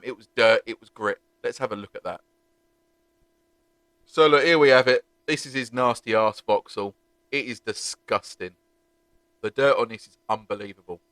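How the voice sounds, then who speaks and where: A man's voice: on the low side, a bit bright, no echo. A man, chatting animatedly and jokily as he reviews car-cleaning products for his vlog. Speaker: car detailing vlogger.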